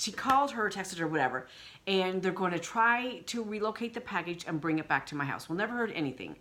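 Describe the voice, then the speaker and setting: A woman's voice: mid-range voice, pushed and bright. A woman vlogging in a casual, indignant rant, blunt and swearing freely. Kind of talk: casual ranting vlog.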